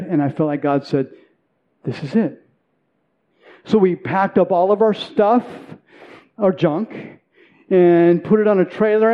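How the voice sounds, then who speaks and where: A man's voice: a little high, narrow, tinny audio. A man in his forties preaching a sermon, earnest and self-deprecating, telling a personal story with repeated words. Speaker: pastor.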